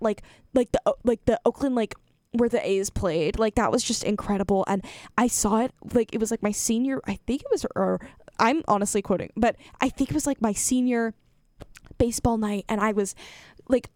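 A young woman doing an impression of her co-host as a gushing, excitable fangirl DJ who piles up fillers and exclamations. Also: on the high side, dry recording, studio quality, natural voice. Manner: breathless, gushing, filler-heavy.

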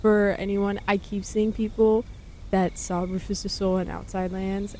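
A woman's voice: medium pitch, flat delivery, measured pace, warm tone, slight background noise. A young woman hosting a late-night college radio show, chatting casually and correcting herself as she rambles. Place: radio studio.

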